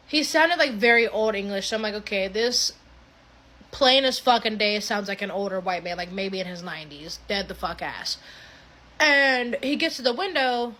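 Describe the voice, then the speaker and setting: A young adult woman telling a creepy story in a casual, animated way, swearing freely and restarting her sentences often. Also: a little high, moderate pace.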